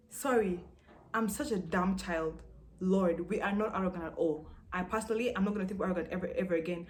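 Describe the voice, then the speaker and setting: A young woman talks straight to her viewers, a little low in pitch. She rambles and says "like" constantly, pressing hard on her points. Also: slight background noise. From South Sudan. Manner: chatty, rambling, emphatic, heavy use of "like". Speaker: vlogger. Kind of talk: casual talk to camera.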